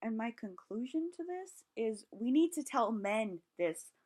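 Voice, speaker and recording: A woman's voice: fairly high pitch, sing-song, unhurried, a little mellow. A young woman speaking in a personal vlog, impassioned, her voice rising and falling as she talks. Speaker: vlogger. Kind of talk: passionate personal vlog monologue.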